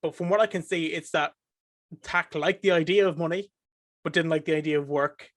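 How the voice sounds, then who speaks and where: A fairly high-voiced Irish man talking on a podcast. He tells his side with lively energy and plenty of restarts. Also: a little fast, no room sound, studio quality. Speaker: podcast guest. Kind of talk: casual podcast chat.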